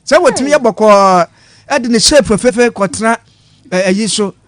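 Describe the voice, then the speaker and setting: A male news co-host with a Ghanaian accent talks in a high, light voice. The sound is close and dry, as from a studio mic, and his delivery is chatty and loose, moving between two languages. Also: a little slow, dry recording. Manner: chatty, switches between Twi and English. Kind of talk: casual news commentary.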